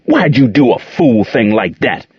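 A man's voice: lowish voice, big pitch swings, normal speed, no echo. A man voicing an older aunt, folksy, firm and protective, in a dull muffled recording. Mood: scolding. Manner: folksy, scolding then tender. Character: warm firm older aunt raising kids.

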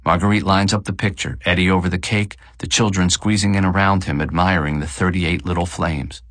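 A man narrating an audiobook in a measured, expressive reading. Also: low voice, dry recording. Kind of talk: scripted narration.

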